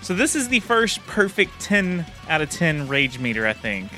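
A man's voice: a little high, sing-song, moderate pace, pushed and bright, faint music behind. A man co-hosting a game review show, easygoing and laughing along with his partner.

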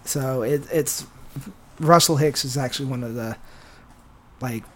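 A man's voice: mid-range voice, a little slow, fairly bright tone. A man from San Diego, a stand-up comedian, chatting as a podcast guest in a loose, rambling way full of fillers and restarts. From San Diego, USA. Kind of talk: casual podcast chat.

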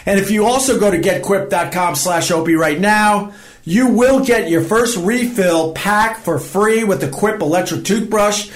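A man's voice: high-pitched, a little slow. Upbeat man reading a sponsor spot. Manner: upbeat, salesy, spells out the web address. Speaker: radio host reading an ad. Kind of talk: ad read.

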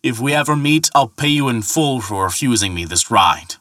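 A man's voice: mid-range voice, expressive, normal speed, a bit bright, no room sound, studio quality, natural voice. A man voicing an angry, blustering thunder god who roars his lines. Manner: roaring, furious.

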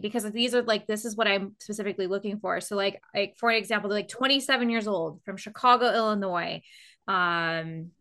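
Bright-voiced young Canadian woman. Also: mid-range voice. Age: late 20s. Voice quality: youthful girlish voice. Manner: chatty, lots of "like". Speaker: voice actor. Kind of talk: casual roundtable chat.

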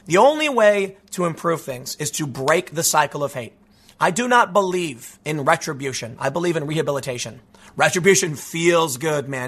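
High, bright husky-voiced male commentator. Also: normal speed. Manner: casual and animated, peppered with "dude" and "man". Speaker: political commentator. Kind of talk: casual commentary monologue.

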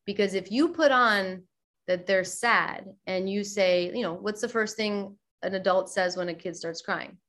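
A middle-aged woman yoga teacher, talking as a guest in a relaxed interview, lively and quick to act out the voices she quotes. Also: mid-range voice. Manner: animated, acts out quoted voices. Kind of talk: casual interview chat.

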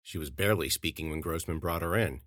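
A man narrating his own horror story in a measured, steady way as a podcast host. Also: a bass voice, no echo, clean studio sound.

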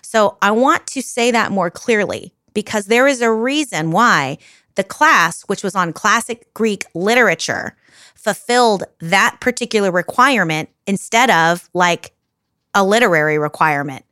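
A woman's voice: medium pitch, expressive, normal speed, pushed and bright, clean tone, no room sound. Woman podcast guest, chatty and loose, dry close sound, mid voice. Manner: chatty, swears casually, reads dramatically. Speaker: guest presenter. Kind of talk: casual podcast chat.

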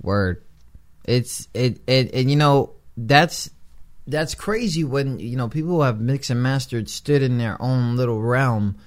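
A man hosting a casual interview chat, swearing freely and often laughing. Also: measured pace. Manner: loud, profane, laughing rants with swings in pitch. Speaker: podcast host.

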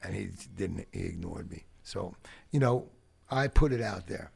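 A man, a podcast guest telling profane, animated stories. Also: low voice, moderate pace, gravelly, breathy edge. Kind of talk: storytelling chat.

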